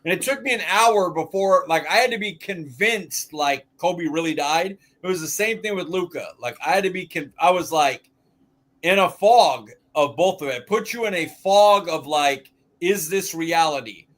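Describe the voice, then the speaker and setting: A man with a fairly high voice co-hosts a sports podcast. He speaks reflectively, in halting phrases and restarts. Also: a bit bright. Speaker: podcast co-host. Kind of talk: casual sports chat.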